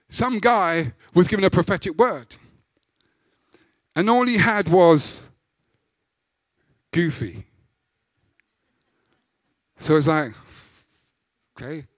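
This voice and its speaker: High-voiced preaching man, dry sound. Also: no echo. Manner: emphatic, rising into loud peaks. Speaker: pastor. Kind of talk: sermon.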